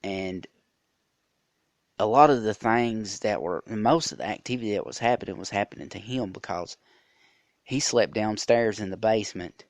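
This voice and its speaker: A man's voice: fairly low pitch, moderate pace, no room sound, clean studio sound. A man hosting a podcast, telling a rambling story with many fillers and restarts. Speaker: podcast host. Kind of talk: casual storytelling monologue.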